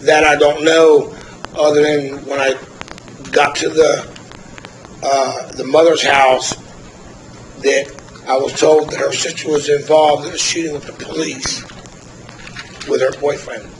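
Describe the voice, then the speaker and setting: Man on the witness stand, polite, unsure, lots of ums, slightly high voice. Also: level tone, measured pace, pauses often, noisy background. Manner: hesitant, polite answers with fillers. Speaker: trial witness. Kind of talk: courtroom testimony. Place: courtroom.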